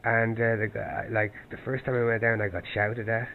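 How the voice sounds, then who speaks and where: Low-voiced man, halting, over a phone line. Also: flat delivery. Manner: halting, with many restarts and repeated words. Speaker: caller seeking help. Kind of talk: recounting events on a phone call. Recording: tinny phone line with faint noise.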